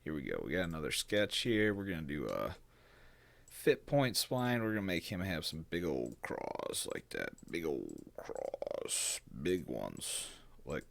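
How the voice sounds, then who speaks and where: A man's voice: sits low, huge pitch swings, moderate pace, gravelly, slight background noise. A man casually talking through a design tutorial, thinking aloud, humming and muttering to himself. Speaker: bait designer teaching CAD. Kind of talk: casual screen-recorded tutorial.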